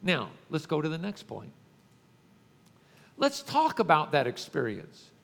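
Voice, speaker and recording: A man's voice: a little high, wildly swooping pitch, unhurried, gravelly, a bit bright, in a large hall. A male pastor preaching a conversational sermon, often calling out to the congregation and restarting his sentences.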